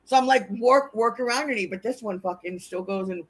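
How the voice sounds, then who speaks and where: A woman's voice: a little high, lively intonation, moderate pace, few pauses, fairly bright tone, rough recording. A woman guest on a wrestling podcast, telling stories in a casual, profane way and acting out what people said. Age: adult with a daughter. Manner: profane storytelling, acting out quotes.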